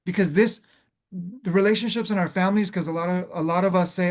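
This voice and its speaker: A man's voice: sits high, fairly even intonation, quick pace. A man hosting a reflective spiritual conversation, speaking earnestly and calling the listener "beloved", often restarting his phrases as he searches for words.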